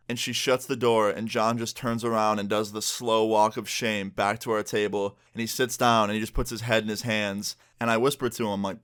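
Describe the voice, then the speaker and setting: A young man telling a story from his school days in a relaxed, slangy way, filler words throughout. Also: mid-range voice, a little fast, few pauses. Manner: laid-back, slangy, lots of "like" and "bro". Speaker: YouTuber. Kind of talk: casual storytime vlog.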